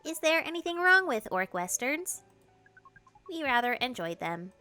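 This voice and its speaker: Robotic, literal-minded alien, put on by a woman, higher pitch, soft music behind. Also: sing-song, a little slow, exaggerated voice. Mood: curious. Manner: formal, literal, precise phrasing. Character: stiff, curious alien visitor learning Earth ways. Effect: robotic-sounding voice. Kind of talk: game dialogue read-through.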